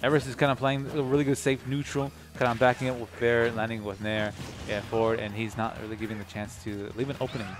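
A young man commentating a live video game tournament, excitable, laughing often and repeating himself, his voice tired and low. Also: fast. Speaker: esports commentator. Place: gaming tournament at a sports center. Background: music.

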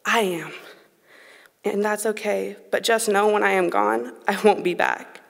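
A woman's voice: medium pitch, steady tone, a little slow, gravelly. A young woman in her late teens performing a spoken word poem on a concert hall stage, with an earnest, emotionally raw delivery. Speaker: high school slam poet. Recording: long reverb of a concert hall.

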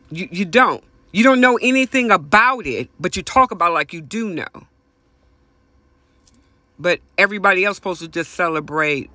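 A man hosting a podcast, delivering a passionate, profane opinion rant that repeats phrases for emphasis and swings from high exclamations to low mutters. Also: bright, forceful tone, dry recording. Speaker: podcast host. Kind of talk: ranting opinion monologue.

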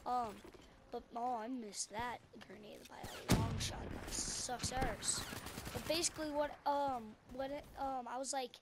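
A woman's voice: a little high, steady tone, measured pace, very noisy. A woman telling a story casually to camera, rambling and full of ums and self-corrections, on a headset mic. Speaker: video creator.

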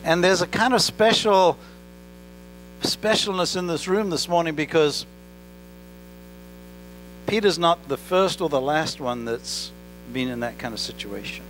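A pastor with an accent preaching a sermon in church, talking directly to the congregation and asking them questions. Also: male voice, a little high, a little slow, long pauses, fairly bright tone, low-quality recording. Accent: non-native English accent. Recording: faint mains hum. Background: mains hum.

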